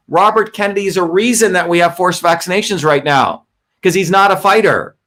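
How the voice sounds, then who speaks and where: Speaking fairly quickly in a fairly high, slightly bright voice, a middle-aged livestream host carries on a monologue for his online show. He argues emphatically and combatively, returning to the same points over and over, with swearing when he's fired up.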